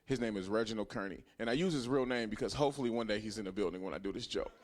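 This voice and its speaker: A man's voice: on the low side, very fast. Profane storytelling stand-up comedian man. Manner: storytelling, profane, swings from hushed to loud. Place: comedy club stage.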